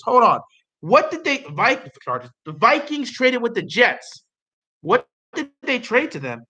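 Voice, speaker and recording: A young man with a high, bright voice reacts live on his stream in loose, casual chat. He gets excitable and pleading, and repeats himself over and over. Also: measured pace. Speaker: livestreamer reacting to the draft.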